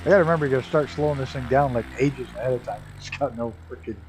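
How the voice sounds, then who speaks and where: A man's voice: medium pitch, rapid-fire, a little mellow, a little hiss or hum, low-quality recording. A man chatting casually while streaming a flight simulator, telling profane racing stories and laughing often.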